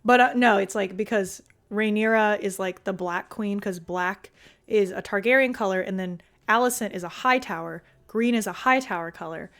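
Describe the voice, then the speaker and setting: A woman's voice: mid-range voice, moderate pace, fairly bright tone. Young female streamer, casual and talkative, filler-heavy, salty mouth, mid-range voice. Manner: chatty and loose, full of "like", swears freely. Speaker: streamer reading chat. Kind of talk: casual chat with viewers.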